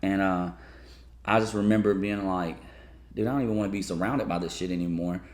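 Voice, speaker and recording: A man's voice: low-pitched, steady tone, a little fast, darkish tone. A man in his thirties from Kentucky, telling wild stories in a casual, profane interview, often laughing. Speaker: guest. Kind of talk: casual storytelling.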